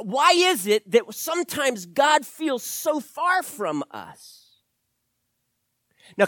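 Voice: medium pitch, fairly bright tone, dry recording, clean studio sound. A pastor preaching a sermon in a conversational, storytelling way, sometimes acting out small quoted voices.

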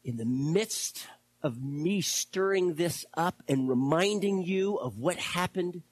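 Pastor delivering a sermon, husky voice with a lively, swinging pitch; unhurried and dramatic. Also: dry recording. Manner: animated, repeats words, drops to a hush for quotes.

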